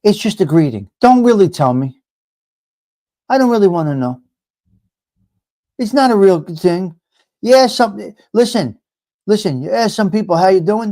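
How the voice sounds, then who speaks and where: A man's voice: sits high, dark tone, no room sound. A man hosting a live stream, ranting bluntly and profanely to his viewers and repeating himself. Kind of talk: casual ranting chat with viewers.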